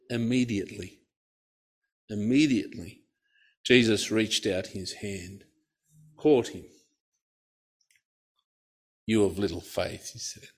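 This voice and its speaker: A man giving a Bible study talk, expressive, with playful asides. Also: mid-range voice. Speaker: Bible teacher.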